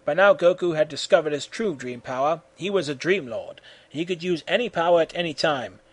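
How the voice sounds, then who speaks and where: A man reading a fan fiction story aloud in an animated way, acting out the shouted voices. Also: on the high side, a little fast, dry recording.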